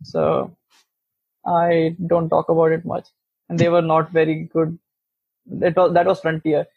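A man with a gravelly, husky voice that stays flat and somewhat high, making blunt, wry remarks. The sound is thin and phone-like, with a dry feel. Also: unhurried, no echo. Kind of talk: casual chat.

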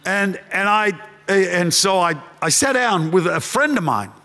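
Impassioned pastor, bright high voice. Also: male voice, expressive, unhurried. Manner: impassioned, rises to shouting then drops to hushed storytelling. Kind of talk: sermon. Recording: long hall reverb.

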